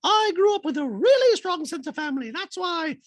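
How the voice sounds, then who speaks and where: Man doing a squeaky beeping reality star. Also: very animated, brisk, no echo, studio quality. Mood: mocking. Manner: shrill, squeaky, peppers talk with robot beeps. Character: breathless high-pitched reality star, robotic beeps.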